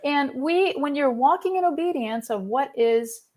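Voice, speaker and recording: A woman's voice: high voice, animated, a little slow, a little mellow. A woman guest in a casual spiritual conversation, telling her story with enthusiasm and acting out the quotes.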